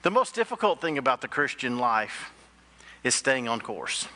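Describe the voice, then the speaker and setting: A man's voice: medium pitch, very animated, normal speed, pushed and bright. A man preaching as a pastor, telling jokes and quizzing the congregation during his sermon. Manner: joking storyteller who quizzes the congregation.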